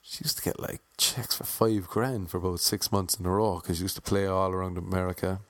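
A man's voice: deep voice, fairly even intonation, fairly quick, dry recording. A man vlogging casually as an aspiring actor, rambling and mocking himself. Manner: rambling, self-deprecating. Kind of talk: casual vlog monologue.

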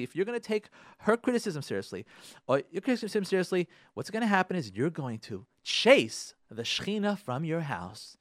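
A man speaking on a radio talk show, giving advice on marriage in an animated way. His fairly high voice swings up and down as he talks, and he often restarts and repeats words. The sound is close and dry. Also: a little fast, no room sound. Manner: animated, acts out quarrelling spouses in a raised voice; repeats and restarts words, uses Hebrew religious terms.

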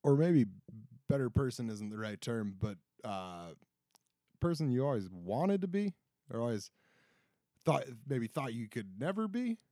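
A man's voice: mid-range voice, very animated, a little slow, long pauses, mellow, no echo, clean studio sound. A man in his twenties hosting a casual solo podcast, rambling and self-deprecating with many restarts. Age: 20s. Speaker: podcast host. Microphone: close podcast mic.

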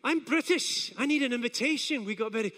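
A Scottish man in his forties, preaching a sermon as an animated, self-deprecating storyteller who acts out his own doubts. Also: extremely high pitch, fairly quick, big-room sound. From Scotland. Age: 40s.

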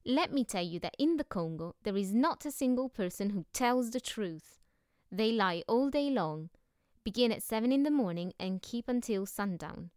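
A woman voicing a bold, boastful young girl who tells tall tales, loud and cheerful. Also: a little high, expressive, normal speed, clear, resonant tone, no room sound, studio quality, close to an everyday voice.

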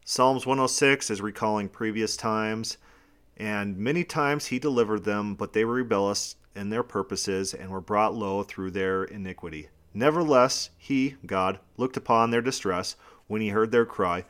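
Low-voiced man teaching Bible study. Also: moderate pace, fairly bright tone. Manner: reads scripture passages aloud, then explains them plainly.

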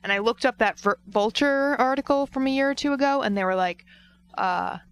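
A tired woman co-hosting a podcast in casual chat, laid-back and quick to laugh. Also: on the high side, smooth. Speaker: podcast co-host.

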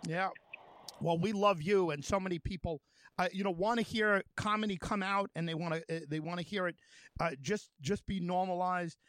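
High-voiced male radio host. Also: steady tone, fairly bright tone, dry recording. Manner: rambling, halting with many fillers and restarts. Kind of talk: radio interview.

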